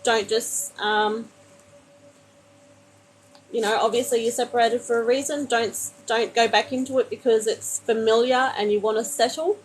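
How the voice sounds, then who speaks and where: A woman reading tarot cards for viewers on a live stream, calmly reassuring them and calling them honey. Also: fairly high pitch, normal speed, a little hiss or hum, low-quality recording. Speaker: tarot card reader. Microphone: phone.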